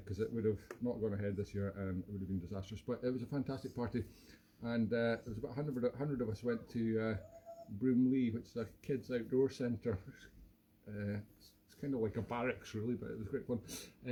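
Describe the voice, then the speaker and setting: A man's voice: lowish voice, warm tone, a little hiss or hum. A man in his fifties hosting a casual live stream from home, chatting playfully and rambling with many restarts. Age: 50s. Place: home room.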